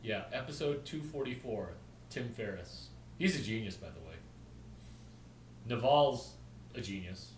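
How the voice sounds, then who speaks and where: A man's voice: mid-range voice, animated, measured pace, pauses often, roomy sound, recorded from a distance, a little hiss or hum, rough recording. Rambling man talking away from the mic. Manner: rambling, jumps between topics, spells out names. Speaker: video host. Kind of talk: rambling casual storytelling.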